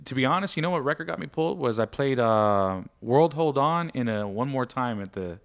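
A man's voice: mid-range voice, animated, brisk. A man, a DJ guest, telling a rambling, candid story in casual conversation and swearing freely.

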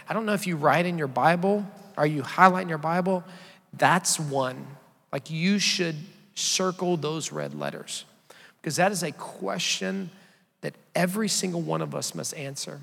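Gravelly man preaching in a reverberant hall. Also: fairly high pitch, expressive, normal speed, a bit bright. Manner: conversational, asks the congregation to call out answers. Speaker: pastor. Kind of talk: sermon.

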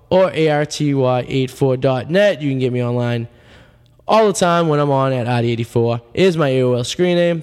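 A male radio host, telling a rambling, deadpan absurd story full of fillers, his voice getting worn. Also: medium pitch, big-room sound. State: losing his voice. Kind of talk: casual storytelling monologue.

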